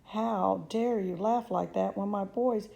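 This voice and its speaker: A woman voicing a frantic, shrieking middle-aged mother with a shrill, hysterical manner. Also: steady tone, takes it slowly, vocal fry, mellow, highs cut off.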